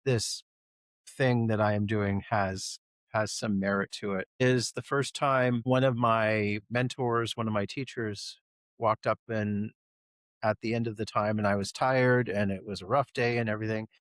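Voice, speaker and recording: A man who plays an elf, talking in a casual fireside chat in a thoughtful, soft-spoken way. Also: lowish voice, fairly even intonation, measured pace, no room sound. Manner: thoughtful, soft-spoken, self-described introvert. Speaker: elf performer, co-host.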